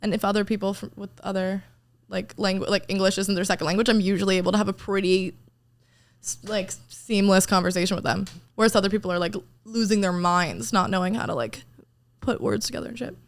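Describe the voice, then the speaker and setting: A woman's voice: medium pitch, fairly even intonation, quick pace. Young girl, casual chat, rambles, swears a bit, lots of "like". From New Jersey, USA. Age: young adult. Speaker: podcast guest.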